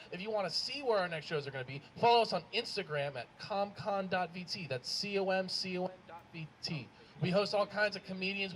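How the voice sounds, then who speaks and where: A man's voice: high-pitched, a bit bright, poor audio. A young man hosting a campus comedy show outdoors, casually plugging the club and bringing up the next act. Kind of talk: emcee announcements. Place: outdoor campus stage in cold weather. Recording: outdoor live recording with background noise.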